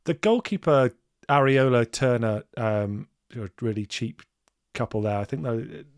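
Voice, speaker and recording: A man's voice: mid-range voice, animated, a little slow, no room sound, clean studio sound. A man hosting a casual chat interview, leading his guest with friendly questions and frequent tag questions like "right?". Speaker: podcast host.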